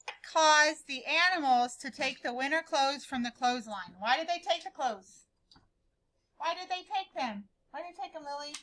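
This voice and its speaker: A woman teaching a class reading lesson in a high, bright voice. She keeps asking the same question again and calls on pupils by name, then echoes back their answers. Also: animated, moderate pace. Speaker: schoolteacher.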